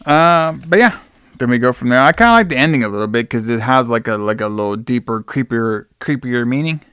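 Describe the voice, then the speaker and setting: A man's voice: medium pitch, animated, a little fast, fairly bright tone, smooth, no echo, studio quality. Casual male podcast host recapping a film. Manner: loose retelling, acts out quotes in plain voice, calls cohost brother. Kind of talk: casual movie recap chat.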